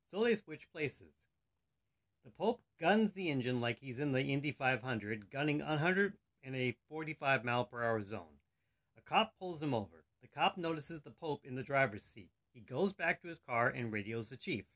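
Animated male podcast joke teller. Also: medium pitch, moderate pace. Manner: animated storytelling. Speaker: podcast host. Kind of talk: joke telling.

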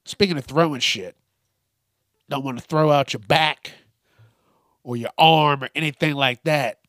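A man's voice: on the high side, a little slow, fairly bright tone, no echo, clean studio sound. A man hosting a solo comedy podcast, rambling loosely with lots of profanity and amusing himself as he goes. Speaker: podcast host.

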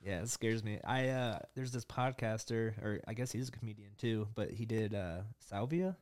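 A man hosting a podcast in relaxed chat, mostly giving short, easygoing replies and questions. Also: fairly low pitch, moderate pace, no echo. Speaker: podcast host. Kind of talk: casual interview chat.

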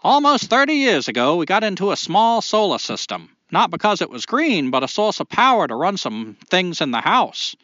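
A man's voice: sits high, very animated, moderate pace, hardly any pauses, sharp tone, no echo, lo-fi sound, pitched above the performer's own voice, full character voice. A man reading a listener's letter aloud in a put-on Maine accent.

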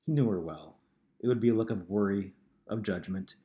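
A man reading a novel aloud in a steady, measured narration. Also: fairly low pitch. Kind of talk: scripted audiobook narration.

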